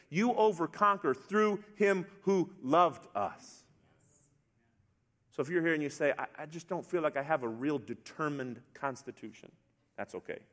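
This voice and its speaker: Middle-aged pastor preaching in a reverberant hall. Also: male voice, fairly high pitch. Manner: conversational, storytelling with asides. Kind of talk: sermon.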